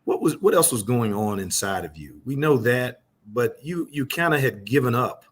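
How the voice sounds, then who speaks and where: A man hosting an interview show, asking probing questions in a halting way and repeating his phrases. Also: mid-range voice, expressive. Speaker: interview host. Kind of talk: conversational interview.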